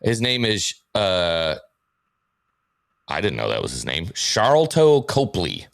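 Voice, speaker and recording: A man's voice: low voice, wildly swooping pitch, slow, creaky. A man as a guest on a casual live stream, rambling and searching for words with many fillers.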